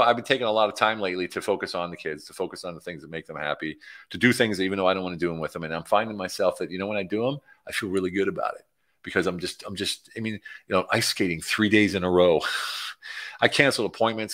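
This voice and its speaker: A middle-aged man, a coach hosting a livestream, chatting casually and excitedly with viewers and rambling from topic to topic. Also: low-pitched, quick pace. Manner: excitable, rambling, hypes his program, jumps between topics. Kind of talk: casual livestream chat, reading out viewer comments.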